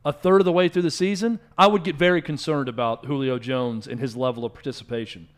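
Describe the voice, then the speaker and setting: A man's voice: mid-range voice, steady tone, fast talker. A man co-hosting a sports talk show, opinionated and often restarting his sentences.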